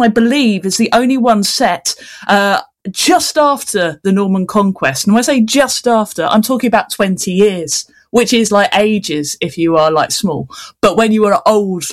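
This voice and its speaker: A woman's voice: mid-range voice, animated, moderate pace. Chatty, self-mocking woman author. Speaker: children's author. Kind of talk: casual interview chat.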